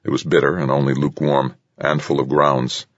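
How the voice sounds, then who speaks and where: A man narrating a thriller audiobook in a steady, measured way. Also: very deep voice, no echo, muffled recording. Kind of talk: scripted narration.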